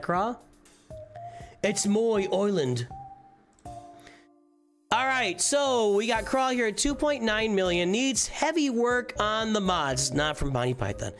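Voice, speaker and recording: A man's voice: high-pitched, a bit bright. Rambling man doing a live stream. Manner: rambling, distracted. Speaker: gaming streamer. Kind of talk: casual live-stream roster review.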